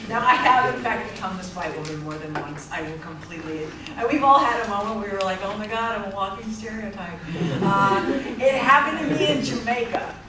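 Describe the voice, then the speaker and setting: A woman lecturing to a class, telling funny anecdotes with lively delivery and frequent laughter. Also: medium pitch, distant mic. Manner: lively, storytelling, laughing often. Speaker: anthropology lecturer. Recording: echoey classroom recorded from afar, noisy.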